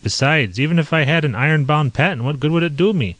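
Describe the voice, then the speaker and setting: A man voicing a blunt, self-assured male inventor who talks in a brisk, lecturing way, his voice a bit raised above his narration. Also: a little high, a bit bright, dry recording, pitched above the performer's own voice. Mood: confident. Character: blunt middle-aged male inventor, sure of himself.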